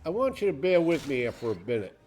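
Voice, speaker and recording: A man voicing a male grocery clerk in a joke, explaining things slowly and step by step in nearly his own voice. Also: a little high, big pitch swings, a little mellow, a little hiss or hum. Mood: deliberate. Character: patient male grocery clerk, growing exasperated.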